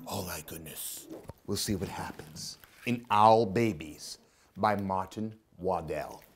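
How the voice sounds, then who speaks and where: A woman librarian reading a picture book aloud at a children's storytime, in an expressive, animated voice. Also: extremely low pitch, slow, slight background noise.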